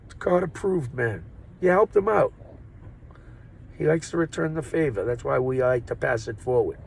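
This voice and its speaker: A man's voice: mid-range voice, expressive, moderate pace, gravelly, darkish tone, husky, rough recording. A man talking into his phone in a rambling, profane, joking monologue that keeps wandering off topic. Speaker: vlogger. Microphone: phone or camera mic.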